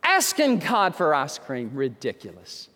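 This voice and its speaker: A man's voice: on the high side, wildly swooping pitch, a little slow, sharp tone, voice pushed down, exaggerated voice. A male preacher putting on a mean woman, indignant and scornful, drawing her scolding out. A long hall reverb trails behind.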